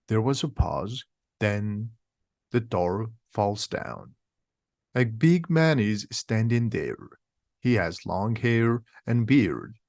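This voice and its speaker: A man reads a simplified story aloud for learners, slow and clear. His pitch moves in a lively way. The sound is dry, right at the mic. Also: no echo. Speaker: reader. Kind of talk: slow graded-reader story narration for learners.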